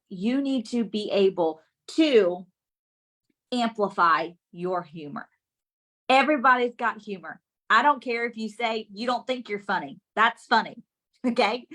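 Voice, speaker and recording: A woman giving a lively business coaching talk on a live stream, often checking in with her audience. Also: a little high. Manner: energetic, keeps checking in with the audience.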